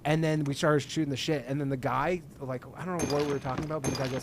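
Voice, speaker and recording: A man's voice: a little high, very fast, few pauses. A man in casual chat, animatedly telling a story, acting out other people's lines and swearing freely. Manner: animated, acts out quotes, swears. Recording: noisy stream audio with clicks.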